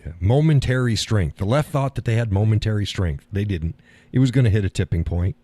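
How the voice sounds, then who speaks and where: A man's voice: on the low side, lively intonation, a little fast, mellow, no echo. A man hosting a live stream, chatting in a rambling, blunt way and laughing often as he talks. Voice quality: swears casually. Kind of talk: casual monologue chat. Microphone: audio call setup.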